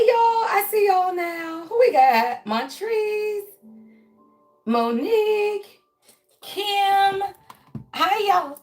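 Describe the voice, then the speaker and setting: A high-pitched woman hosts a spiritual reading live stream in casual chat mode. She's lively, emphatic and preachy, blunt and full of cussing, and she keeps calling the audience "y'all".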